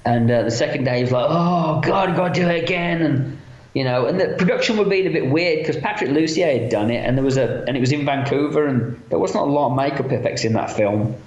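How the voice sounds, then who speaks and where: A man's voice: medium pitch, quick pace. A chatty man, a makeup effects artist, telling film-set stories in a casual interview and acting out the lines of other people. His voice sits in a middle range. The recording sounds roomy and a little dull. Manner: chatty and animated, acts out quotes of other people.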